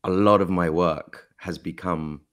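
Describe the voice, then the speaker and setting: Deep-voiced man, mixed English accent. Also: fairly even intonation, a little slow. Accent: mixed, mostly English with American touches. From Mexico. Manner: hesitant, many fillers and restarts. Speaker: guest actor. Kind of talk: casual interview chat.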